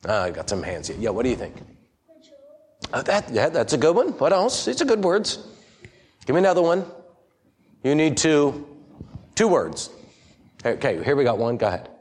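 A man's voice: mid-range voice, huge pitch swings, normal speed, long pauses, darkish tone, husky. A man preaching an interactive sermon to a congregation, asking them questions and reading scripture aloud. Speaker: pastor.

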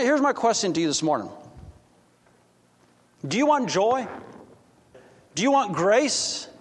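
High-voiced preacher in a reverberant room. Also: male voice. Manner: acts out dialogue with quick voice shifts, restarts often. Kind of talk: sermon storytelling.

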